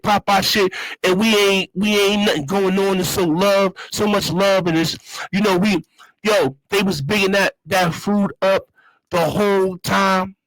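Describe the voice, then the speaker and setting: Man, casual monologue, street slang, repeats himself, somewhat high voice. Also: a bit bright, dry recording, poor audio. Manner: streetwise slang, repeats phrases, loose storytelling. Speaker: show host.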